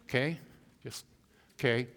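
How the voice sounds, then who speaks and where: Animated male pastor in a reverberant hall. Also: mid-range voice, unhurried. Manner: animated, acts out God's voice, swings from loud to hushed. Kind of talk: sermon. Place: church.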